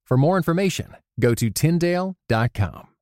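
A man reading a scripted sponsor ad with an expressive delivery. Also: a little high, normal speed. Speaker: ad announcer. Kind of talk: scripted ad read.

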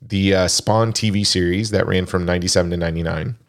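A man's voice: deep voice, fairly even intonation, fast talker. A man hosting a casual movie podcast, reading through crew credits with frequent fillers. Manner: reads film credits, chatty with frequent fillers. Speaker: podcast host.

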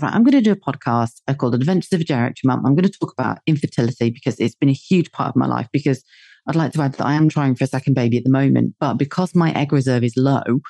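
A woman's voice: very deep voice, dark tone, dry recording. A woman in her forties from the UK, a podcast host chatting casually in a blunt, sweary way and laughing often. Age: 40s. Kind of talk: casual chat.

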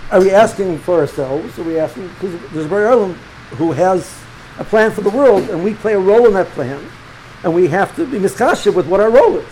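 A man's voice: high-pitched, fairly quick, slight background noise, poor audio. A middle-aged man, a rabbi, giving an informal religious lecture to students, talking animatedly with many restarts and repeated words. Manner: animated, repeats and restarts words, sprinkles Hebrew and Yiddish terms.

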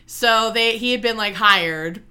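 A young adult woman casually retelling a movie plot to a co-host, talking in an animated way, full of "like" and "okay?". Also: on the high side, a little slow. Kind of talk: casual chat.

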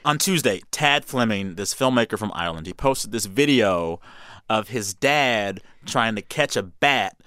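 A man hosting a podcast, chatting through the week's news in a playful, animated way and laughing easily. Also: on the low side, measured pace, clean tone, no echo, studio quality. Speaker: podcast host. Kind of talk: casual news roundup chat.

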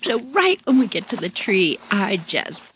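A woman's voice: mid-range voice, unhurried, very noisy. A woman animatedly telling a funny childhood story on her podcast, laughing and talking to listeners directly. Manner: animated, laughing, addresses listeners as "you all". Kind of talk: casual storytelling.

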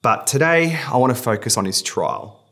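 A pastor reading scripture dramatically in a sermon, then talking to the congregation in a conversational way. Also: male voice, on the low side, a little fast, vocal fry, a bit bright, slightly rough.

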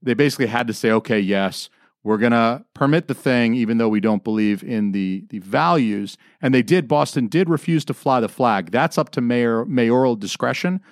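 A man's voice: medium pitch, normal speed, no room sound, clean studio sound. A man from the American South hosting a comedy podcast panel, joking crudely and rambling. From Atlanta, US South. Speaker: podcast host. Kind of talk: casual comedic panel chat.

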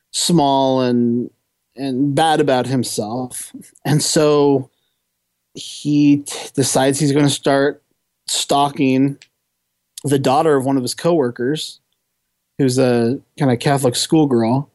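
A man's voice: medium pitch, a little mellow, no room sound. A man co-hosting a podcast, giving a casual, enthusiastic film review that rambles and restarts often.

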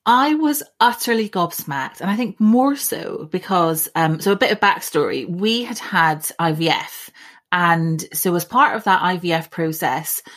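A woman's voice: on the low side, expressive, unhurried, fairly bright tone. Chatty woman guest. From Scotland. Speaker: guest author. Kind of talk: casual podcast interview.

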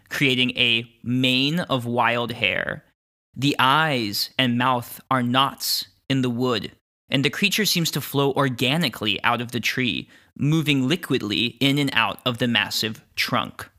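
Bright-voiced man narrating as game master. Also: medium pitch. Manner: measured, descriptive narration.

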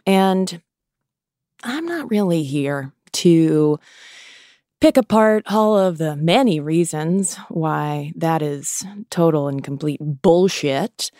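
A woman hosting a podcast, giving an impassioned and sarcastic pep talk, swearing freely and pausing often between phrases. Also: sits low, expressive, dark tone, no echo, studio quality. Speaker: podcast host.

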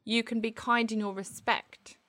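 A woman's voice: fairly high pitch, level tone, a little slow, fairly bright tone. A woman co-hosting a casual chat, speaking candidly and reflectively, often restarting her sentences.

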